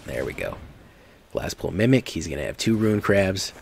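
A man's voice: low voice, sing-song, normal speed, gravelly. A man streaming a card game, chatting casually and rambling with lots of fillers and laughs. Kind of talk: casual chat while playing a card game. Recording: faint background noise.

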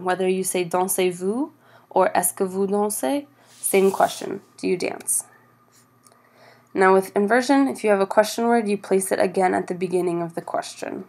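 A woman teaches French grammar over slides, patient and steady, slowing down for each example phrase. She has a mid-range voice with vocal fry.

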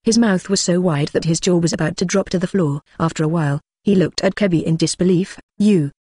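A machine-read audiobook narration that speaks punctuation marks aloud in a flat, even delivery. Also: mid-range voice, quick pace, breathy edge, dry recording.

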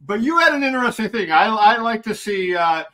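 Bright-voiced male sports interviewer. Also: high voice, lively intonation, brisk. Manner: conversational, asks questions. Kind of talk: interview questions.

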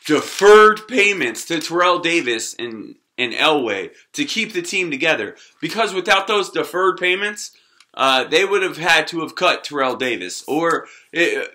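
Bright, high-voiced man ranting about sports. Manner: swings between shouting and low muttering; heavy swearing, streetwise slang. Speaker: sports vlogger. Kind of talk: profane sports rant to camera.

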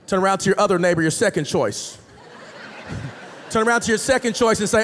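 Male pastor, casual joking sermon, slangy, lots of "like", very high voice, long reverb in a big church hall. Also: fast talker, a bit bright. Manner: slangy, repeats "like", stumbles over words. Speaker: guest pastor. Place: large church auditorium.

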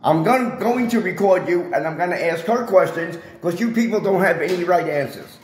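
Man, high-pitched, argumentative, lecturing tone, phone recording, echoey building hallway. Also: moderate pace. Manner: confrontational, lecturing, repeats himself. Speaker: resident filming a confrontation. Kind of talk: heated confrontation, filmed on phone. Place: public area of a residential building, indoors. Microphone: handheld phone camera.

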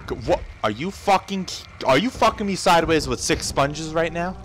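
A man's voice: on the high side, normal speed, over music. A young man commentating a video game, frantic and profane, swearing and yelping as he plays. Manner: frantic, swearing, yelps and shouts. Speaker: gameplay commentator. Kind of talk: profane let's-play commentary.

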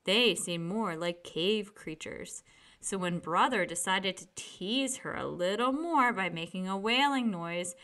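A woman reading a children's picture book aloud with gentle, expressive storytelling. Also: mid-range voice, a little slow.

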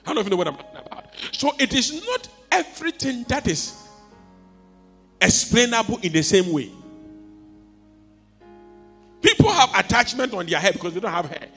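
Animated preacher with a lively high voice. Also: male voice, fairly quick. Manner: animated preaching, swings from soft to shouting. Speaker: pastor. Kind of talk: sermon. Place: church hall. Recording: long hall reverb with faint music.

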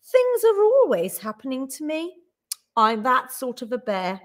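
A woman's voice: high voice, wildly swooping pitch, measured pace, full character voice. A woman voicing a small, polite, earnest young male bear in a storybook reading. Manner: earnest, stammering when nervous.

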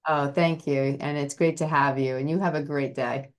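In a casual interview chat, a woman hosting a podcast talks at normal speed in a low-sitting voice with fairly even intonation. Her manner is rambling and earnest, admiring, and heavy with "you know" fillers.

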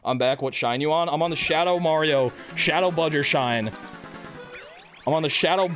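A young man streaming a video game live, chattering crudely, reading chat aloud and bursting into loud shouts. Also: fairly high pitch, moderate pace, faint music behind. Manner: reads chat aloud and jokes with viewers.

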